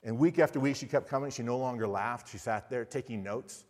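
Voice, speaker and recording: A man's voice: mid-range voice, fairly quick, darkish tone. A man, a missionary preacher, telling a personal story in an earnest sermon with frequent restarts. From United States. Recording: long reverb of a large hall.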